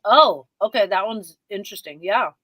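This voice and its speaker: A woman's voice: medium pitch, animated, normal speed, fairly bright tone, dry recording. A woman co-hosting a casual livestream, chatty and playful. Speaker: radio co-host.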